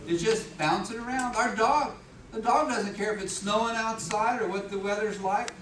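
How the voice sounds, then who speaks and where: A man's voice: high-pitched, normal speed, fairly bright tone. A middle-aged man gives a humorous motivational talk at an office meeting, telling stories and acting out voices and sounds. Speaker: speaker at a business meeting. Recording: echoey room, far from mic, background noise.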